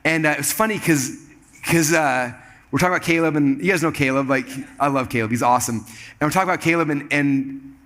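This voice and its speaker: A man speaking on stage to a live audience, telling a lively personal story and acting out the other people's lines. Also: on the high side, quick pace. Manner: animated, acts out quoted dialogue in shifting voices. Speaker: keynote speaker.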